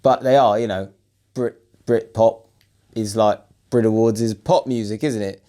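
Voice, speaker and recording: A man's voice: lowish voice, steady tone, a little slow, dark tone. A man with a London accent co-hosting a casual chat, theatrical and jokey, rambling off into grand flourishes. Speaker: co-host.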